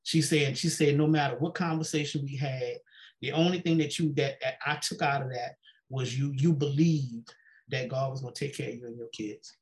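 A man's voice: mid-range voice, steady tone, moderate pace. A pastor telling his personal story in an interview, repeating "she said" and acting out the dialogue. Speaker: pastor and guest. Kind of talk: personal testimony in a sit-down interview.

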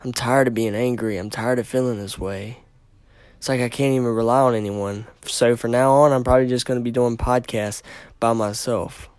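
A man's voice: mid-range voice, steady tone, normal speed, a little mellow, clean tone, no room sound. A man hosting his podcast alone, ranting angrily with heavy swearing, agitated and stumbling over his words. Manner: angry, profane, ranting. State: agitated, stammering. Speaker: podcast host. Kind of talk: solo podcast rant.

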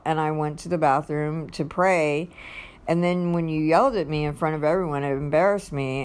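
A woman with a notably low voice tells a personal story in a casual, rambling way. She reads out text messages one after another, with plenty of ums and restarts along the way. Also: darkish tone. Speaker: vlogger.

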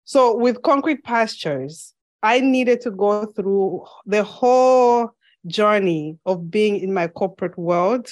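A woman's voice: medium pitch, lively intonation, slow pace, no echo. A woman from Zambia with a slight lisp, a podcast guest telling her story in an earnest, reflective way in a casual interview.

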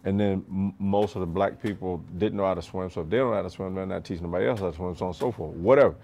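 A man's voice: sits low, very fast. A middle-aged man telling stories casually on a podcast, swearing freely and laughing often. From rural United States. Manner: profane, animated, laughs often. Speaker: podcast storyteller, martial arts master. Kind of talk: casual storytelling.

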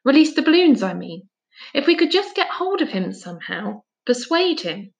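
Lady reading aloud doing a jittery kid boy, high and pushy, can't keep still. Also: sing-song, normal speed, gravelly, exaggerated voice. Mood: urgent. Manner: pleading, urgent, higher-pitched. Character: upset impatient boy, determined and urgent.

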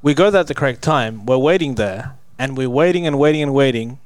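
Relaxed man telling an everyday story. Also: mid-range voice, fairly quick, clear, resonant tone, no room sound. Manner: relaxed and hesitant, with many "um"s and repeats. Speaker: youth worker. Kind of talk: casual chat.

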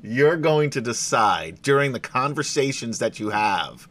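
A man's voice: mid-range voice, animated, unhurried, a bit bright. A man running a tabletop fantasy game as game master, narrating and joking at his own expense. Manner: jokey, self-deprecating, many fillers.

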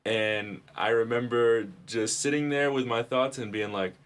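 A man co-hosting a podcast, telling stories in casual chat with lots of profanity and animated turns. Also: mid-range voice, unhurried, clear, resonant tone. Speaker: podcast co-host.

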